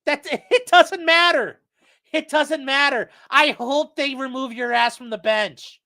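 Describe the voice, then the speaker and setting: A man hosting a legal commentary livestream, reading court orders aloud and breaking into profane, shouting tirades. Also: very high-pitched, unhurried. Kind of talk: livestream rant.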